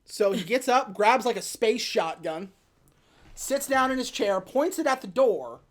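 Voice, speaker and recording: A woman co-hosting a podcast casually recaps a film's plot, acting out the characters' lines as she goes. Her voice is on the high side, animated and a little slow.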